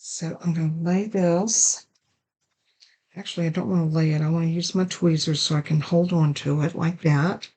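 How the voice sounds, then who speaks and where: Middle-aged woman, lower register, under the weather with a cough, chatty, apologetic craft tutorial host. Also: fairly even intonation, normal speed, mellow, low-quality recording. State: coughing and sneezing. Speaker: card-making crafter.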